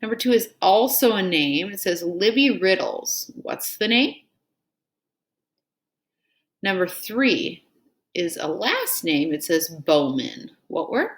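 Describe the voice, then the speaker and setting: A woman teacher leads a reading drill with a slow, unhurried delivery and a fairly low voice. She names each item and asks for the word over and over, praising the answers, and she reads the story passage with care. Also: big pitch swings. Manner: call-and-response prompting, repeating "what word?" after each item; patient and encouraging, praising answers. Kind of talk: scripted reading drill and read-aloud.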